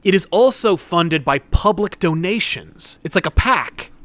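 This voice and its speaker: A man's voice: sits high, lively intonation, unhurried, a bit bright, dry recording. A young man co-hosting a casual podcast, rambling through theories with lots of fillers. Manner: rambling, acts out characters. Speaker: podcast co-host. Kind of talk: casual comic-book chat.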